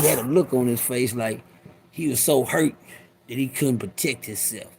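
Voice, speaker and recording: A man's voice: medium pitch, expressive, moderate pace, creaky, noisy background. A middle-aged man telling a rambling, profane story to his live viewers, often breaking off to talk to them directly. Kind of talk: casual livestream storytelling.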